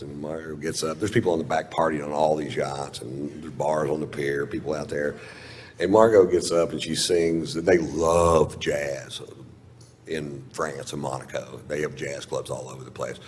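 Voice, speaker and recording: Low-voiced profane stand-up comedian man. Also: a little mellow, a little hiss or hum. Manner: profane, rambling, self-mocking. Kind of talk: stand-up storytelling. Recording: live stage with long reverb.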